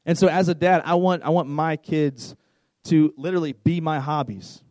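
A man's voice: on the high side, normal speed, a little mellow, no room sound, poor audio. A man in his thirties preaching a conversational sermon to a youth group as their pastor, repeating words and joking with the room.

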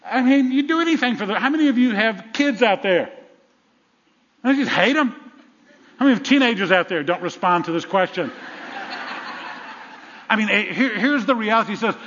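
An older man preaching a sermon to a congregation, lively and conversational, dropping to a soft whisper for tender lines. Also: high voice, brisk. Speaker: pastor. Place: church sanctuary. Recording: muffled sound with long reverb in a large hall.

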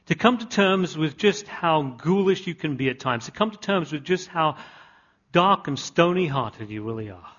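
Man, husky, slightly high voice, sermon, emphatic repetition, dull lo-fi recording. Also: animated, moderate pace, a bit bright. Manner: earnest, repetitive emphatic preaching with rising climaxes. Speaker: pastor.

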